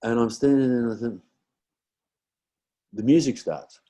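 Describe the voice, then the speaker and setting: Speaking unhurriedly in a dark, medium-pitched voice, a man in his sixties with an Australian accent appears as a guest comedian. His stories wander in casual conversation, peppered with fillers and false starts.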